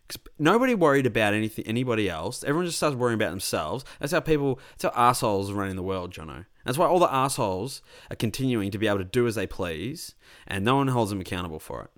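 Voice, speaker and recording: A man's voice: medium pitch, sing-song, fast talker, a bit bright. A young Australian man telling a rambling party story in casual chat, swearing freely.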